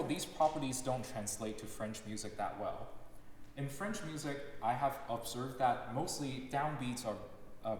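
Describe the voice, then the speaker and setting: A man giving a lecture recital as a pianist, explaining in a measured way with frequent ums and uhs. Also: mid-range voice, a little hiss or hum. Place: concert hall. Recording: very echoey hall recording.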